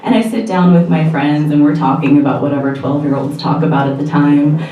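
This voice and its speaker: A woman's voice: low-pitched, steady tone, a little fast, highs cut off. A young woman telling a candid, self-deprecating personal story on stage at a live storytelling night, laughing often. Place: bar, live storytelling event. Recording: roomy bar echo, distant mic.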